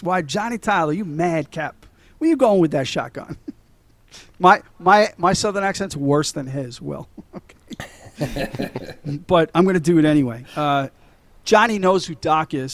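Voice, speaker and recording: A man's voice: a little high, vocal fry. Laughing, swearing middle-aged man. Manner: laughs often, swears freely, retells scenes animatedly. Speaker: podcast co-host. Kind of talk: casual movie chat.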